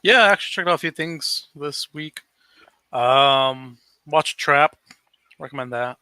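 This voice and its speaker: Man, co-host, bright tone, smooth clear voice, casual chat. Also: on the high side, no room sound. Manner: easygoing, chatty, quick asides. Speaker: podcast co-host.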